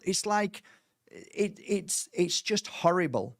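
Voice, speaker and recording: A man speaks as a healer guiding a workshop, earnest and meandering, often restarting his sentences. His voice sits a bit higher than most men's. The sound is dry and close, with no room around it. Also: lively intonation, unhurried, no echo. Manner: earnest, rambling, with frequent restarts and mimicked voices. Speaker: spiritual healer leading a workshop. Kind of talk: informal spoken workshop talk.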